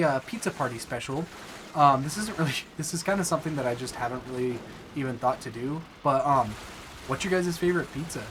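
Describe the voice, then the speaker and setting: A man's voice: mid-range voice, slight background noise. A young man hosting a casual let's play, chatting and joking with viewers, with bursts of frustration. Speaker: gaming channel host.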